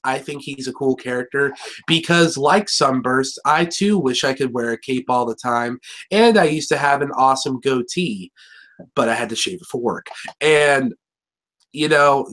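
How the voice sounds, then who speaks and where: Young male host, average pitch, casual profane rambling review banter. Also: moderate pace, fairly bright tone. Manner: rambling, jokey and profane, full of fillers. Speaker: show host reviewing an episode. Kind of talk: casual chat.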